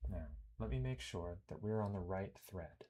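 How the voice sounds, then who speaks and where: A man narrating his own gameplay, reading the game's text aloud and making relaxed, chatty asides to viewers. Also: low voice, moderate pace. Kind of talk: let's play narration reading game text.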